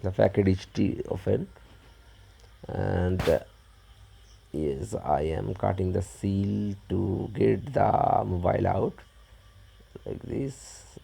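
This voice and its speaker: A man narrating an unboxing step by step in a halting, plain way. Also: low voice, creaky, warm tone, husky. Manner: halting, plain, describes each step as he does it. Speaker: unboxing vlogger.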